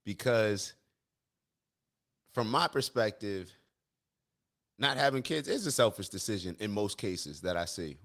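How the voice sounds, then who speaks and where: A man's voice: on the low side, expressive, measured pace, long pauses, a bit bright. A man hosting a live stream, talking casually and giving his opinions, often repeating and restarting his phrases.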